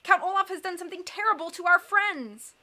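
A woman's voice: sits high, animated, moderate pace, pushed and bright, full character voice. A woman reading aloud, voicing an earnest, bookish teenage boy who speaks in an urgent, indignant way.

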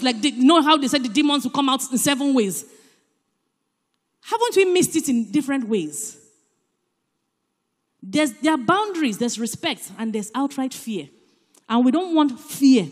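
Nigerian woman speaking at church, high voice, animated and emphatic, long hall echo. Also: moderate pace, long pauses. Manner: animated, emphatic, shifts between loud and soft. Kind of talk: church talk on parenting.

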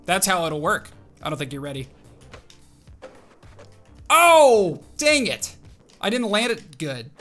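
A young man giving excited, animated commentary on his own gameplay, calling out tricks and reacting aloud. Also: a little high, brisk, soft background music. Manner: animated, exclaims and narrates tricks to himself. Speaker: gaming video host.

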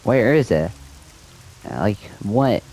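A man's voice: lowish voice, lively intonation, extremely slow, darkish tone, rough recording. A young man in a casual gaming vlog, ranting with frustration and repeating himself. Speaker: gaming video creator.

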